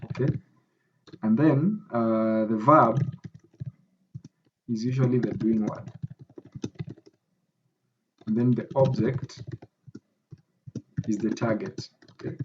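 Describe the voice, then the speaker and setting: A man's voice: medium pitch, slow pace, pauses often, highs cut off, slight background noise. A man with a Kenyan English accent explaining grammar as a tutor, often checking in with "okay?". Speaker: academic writing tutor. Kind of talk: screen-recorded grammar lesson.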